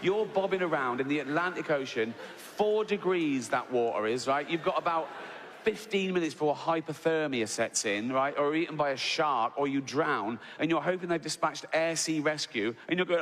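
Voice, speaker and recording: A man's voice: on the high side, normal speed, fairly bright tone. A middle-aged man doing stand-up comedy, telling loose, profane, mocking stories and tagging lines with "right?". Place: large theatre stage. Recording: big hall reverb, faint crowd ambience.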